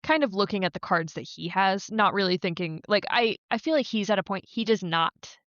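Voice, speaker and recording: A woman's voice: mid-range voice, fairly quick, fairly bright tone, dry recording, dull audio. Chatty woman podcast co-host. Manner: chatty, heavy "like" fillers, swears freely. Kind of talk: casual recap chat.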